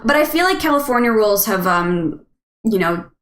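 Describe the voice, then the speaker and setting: A woman's voice: mid-range voice, lively intonation, normal speed, a bit bright, reverberant. A woman host chatting casually with viewers on a live stream, rambling and giggly. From United States.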